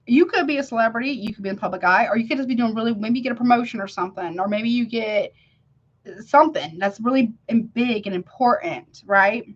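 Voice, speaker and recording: A woman's voice: a little high, a little fast, muffled recording. A woman giving a casual tarot reading, emphatic and slangy, who keeps checking "you see what I'm saying?". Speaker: tarot reader.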